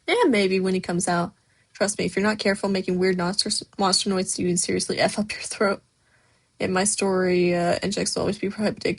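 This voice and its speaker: A woman hosts a casual livestream, reading viewers' messages aloud and answering each one as it comes in. Her voice has a gravelly edge and a husky grain. She talks loosely, with plenty of fillers and restarts. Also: lowish voice. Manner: reads chat messages aloud and answers them. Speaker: stop-motion creator hosting a livestream.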